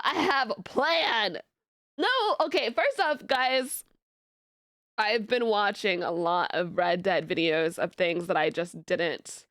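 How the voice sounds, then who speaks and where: Giggly woman streamer with a deep voice. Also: a bit bright, no echo, clean studio sound. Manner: giggly, rambling with repeated restarts. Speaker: VTuber streamer. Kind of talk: casual livestream chat.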